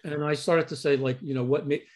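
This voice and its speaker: A man hosting an interview with a fellow psychotherapist, speaking haltingly and searching for words over a video call. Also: a little high, fairly even intonation, a little mellow. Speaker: host and psychotherapist. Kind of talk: conversational interview.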